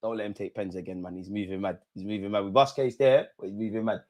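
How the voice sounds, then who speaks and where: A young man hosting a live football watch-along, chatting in street slang and shouting when goals go in. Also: lowish voice, fairly even intonation, quick pace.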